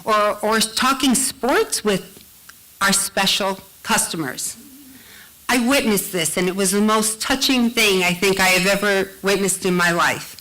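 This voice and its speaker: Woman, live storytelling event, stage mic, heartfelt, slows for emphasis, middle pitch. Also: pushed and bright, rough recording. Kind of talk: personal storytelling to an audience.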